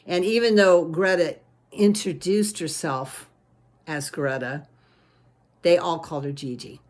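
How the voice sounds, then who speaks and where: Brief: woman storyteller, warm-homey rambling delivery, lowish voice. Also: unhurried. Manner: homey, rambling with many "and, uh" restarts. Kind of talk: unscripted read-aloud storytelling.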